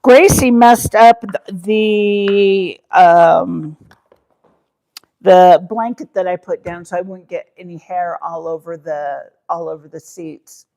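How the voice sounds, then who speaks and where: A woman's voice: lowish voice, slow pace, mellow, rough recording. A woman quoting her flustered husband, who chases runaway dogs, in a plain everyday voice. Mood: explaining.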